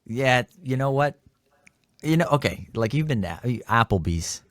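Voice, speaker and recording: A man's voice: medium pitch, moderate pace, no echo, studio quality. A man from Canada, a podcast host, telling a story in casual chat and acting out the dialogue with energy. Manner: animated, acts out quoted dialogue.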